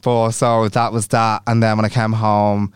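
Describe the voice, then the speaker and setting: A man's voice: fairly low pitch, level tone, moderate pace, clean tone, no room sound, studio quality. A young man co-hosting a podcast in casual chat, telling stories loosely, acting out quoted dialogue and swearing freely. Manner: chatty storyteller who acts out quoted dialogue and swears freely. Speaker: podcast co-host.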